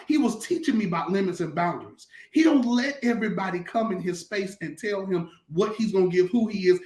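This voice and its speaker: Pastor, male, high-pitched, emphatic colloquial teller; roomy recording. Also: darkish tone. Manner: emphatic, repetitive, colloquial storytelling. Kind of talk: conversational talk-show teaching.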